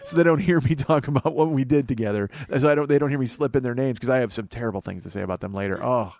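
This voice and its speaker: A man's voice: mid-range voice, very fast, darkish tone. A sleep-deprived man hosting a comedy podcast, rambling in a self-deprecating monologue full of swearing and restarts. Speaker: podcast host.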